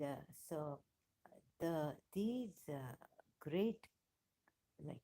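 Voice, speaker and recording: Low-voiced woman rambling with many fillers. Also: warm tone. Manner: hesitant, many fillers and restarts; emotional, exclaiming. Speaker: vlogger. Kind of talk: rambling personal monologue.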